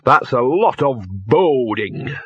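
Guy doing a scruffy cynical little talking dog, husky mutter, dry flat audio. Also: mid-range voice, slow pace, no echo, lo-fi sound, heavily acted. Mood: grumbling. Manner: gloomy, streetwise mutter.

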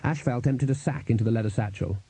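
A man narrating an audiobook in a dry, measured storytelling manner. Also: medium pitch, vocal fry, dark tone, slightly rough, low-quality recording.

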